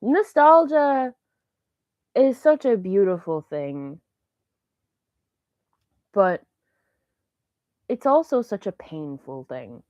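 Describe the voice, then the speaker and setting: A woman in her early twenties hosting a casual solo podcast, rambling and excitable and slipping into meme voices. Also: on the low side, takes it slowly, long pauses, no room sound. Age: 20s. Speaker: podcast host. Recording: dull lo-fi dry sound.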